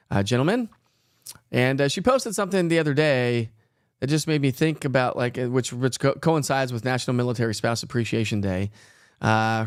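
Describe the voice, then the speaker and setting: A man's voice: mid-range voice, dry recording, clean studio sound. A man in his thirties hosting a casual morning weather livestream, chatting and rambling with folksy asides. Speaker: weather show host.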